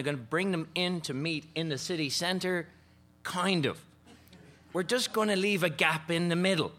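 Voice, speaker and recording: Man, comedian, slightly high, bright tone, deadpan delivery. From Ireland. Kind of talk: stand-up panel banter.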